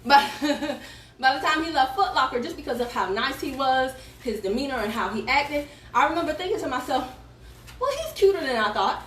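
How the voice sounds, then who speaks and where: A woman telling a story on a live video while working out, animated and chatty, laughing often, a little out of breath. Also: sits high, a little fast. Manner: animated, chatty, addresses viewers as y'all, laughs a lot. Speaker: fitness coach recruiting for her team. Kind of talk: live social-media storytelling while exercising. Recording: roomy echo, distant mic, faint noise.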